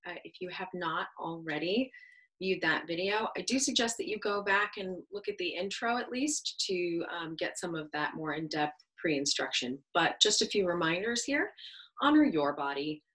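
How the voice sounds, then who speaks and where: A woman yoga instructor leading a baby yoga class for caregivers, talking in a gentle, encouraging, reassuring way with small laughs. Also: on the low side, expressive, moderate pace, low-quality recording. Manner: chatty, with fillers and small laughs.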